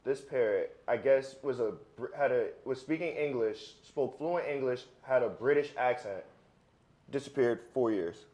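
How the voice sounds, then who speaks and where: Young man co-host, joking and excitable. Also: medium pitch, moderate pace. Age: young adult. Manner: excitable, joking, stumbles over words. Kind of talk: casual chat.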